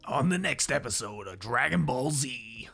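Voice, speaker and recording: A man putting on a gruff male cartoon announcer's voice with a strained, grunting delivery. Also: medium pitch, lively intonation, moderate pace, pushed and bright, faint music behind, full character voice. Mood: dramatic announcing.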